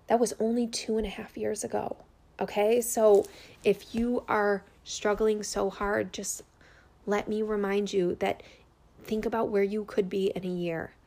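A woman's voice: medium pitch, creaky, a little mellow. A woman in her thirties speaking earnestly and openly to her viewers as a holistic healer, unscripted and full of fillers. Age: 30s. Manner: unscripted, rambling with many fillers. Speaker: holistic healer and business owner. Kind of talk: personal testimonial vlog.

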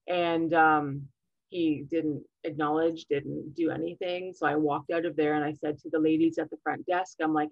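Animated woman on a muffled call. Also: deep voice, moderate pace, no echo. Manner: animated, acts out quoted dialogue. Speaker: podcast guest. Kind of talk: casual storytelling interview.

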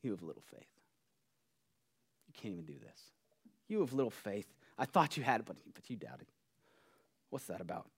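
A man voicing a disappointed, condescending Jesus in a low, hushed, scolding tone. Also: very animated, moderate pace, long pauses, breathy edge.

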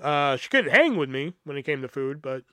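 A man's voice: a little high, big pitch swings, moderate pace, fairly bright tone, clean tone, no room sound, studio quality. A man hosting a podcast, telling a personal story in a rambling, profane, casual way full of fillers. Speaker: podcast host.

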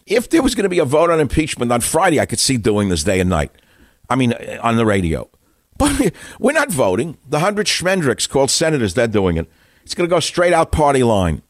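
A man's voice: mid-range voice, no echo, clean studio sound. An older man hosting a radio talk show, delivering a combative, sarcastic, rambling monologue full of insults. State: winded.

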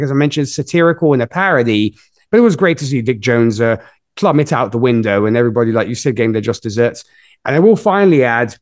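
A man's voice: medium pitch, no room sound, clean studio sound. A man hosting a podcast, chatting enthusiastically in a casual movie review. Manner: enthusiastic, lively storytelling. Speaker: podcast host.

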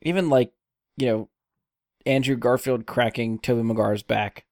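A man hosting a casual movie podcast. He talks with easy enthusiasm and drops the odd swear word. His voice sits at an ordinary pitch, and the recording is close and dry with no room sound. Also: moderate pace, darkish tone, dry recording. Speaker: podcast host. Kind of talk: casual film discussion.

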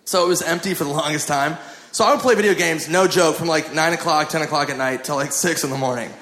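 A man's voice: a little high, quick pace, fairly bright tone, echoey room. A male stand-up comedian telling a story on stage in a rambling, profane way, full of "like", recorded live with a laughing crowd.

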